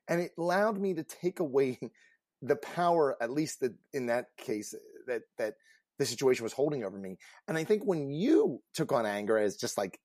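A man co-hosting a casual panel talk as a career coach, earnest and emphatic, growing animated as he tells stories. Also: mid-range voice, normal speed, no room sound.

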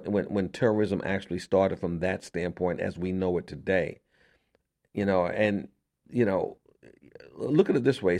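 A man's voice: fairly low pitch, vocal fry, mellow. A man hosting a radio show, explaining history to listeners in an emphatic, conversational way, asking rhetorical questions and often repeating himself. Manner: repeats words and restarts often. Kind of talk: conversational history lecture on air.

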